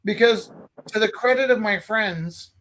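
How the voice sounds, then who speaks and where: A man from Canada telling a story in casual chat, animated, acting out the quotes loudly. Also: sits high, unhurried. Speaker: host.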